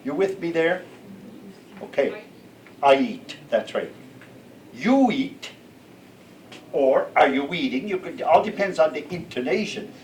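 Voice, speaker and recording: With lively intonation and a slightly high voice at normal speed, an older language teacher works through a classroom lesson. He is patient, checking in with the students, and is recorded from a distance amid faint room noise.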